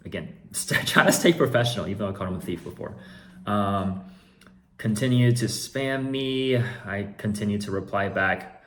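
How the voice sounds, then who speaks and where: A man's voice: fairly low pitch, normal speed, a bit bright, slight background noise. A man who runs an online card shop, telling a story in a casual vlog with exasperated, sarcastic asides.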